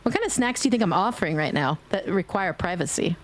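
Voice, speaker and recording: A woman's voice: lowish voice, animated, fast talker, a little hiss or hum. A woman streamer from Brooklyn with a faded New York accent, chatting casually during a game stream. She is playful and giggly and swears freely. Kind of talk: casual gaming livestream chat.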